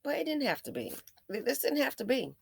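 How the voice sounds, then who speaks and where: A woman hosting an opinion commentary, sarcastic and emphatic, swinging between loud stresses and low muttered asides. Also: big pitch swings, brisk, gravelly, husky, no room sound. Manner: sarcastic and emphatic, with repeated jabs. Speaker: commentary channel host.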